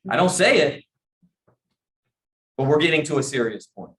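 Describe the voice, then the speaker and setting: Here the trainer's voice is fairly high and fairly bright, swinging widely in pitch at a normal speed with frequent pauses, over a faint hiss or hum. He's a middle-aged man giving a casual sales training talk to a group, often checking in and asking them questions.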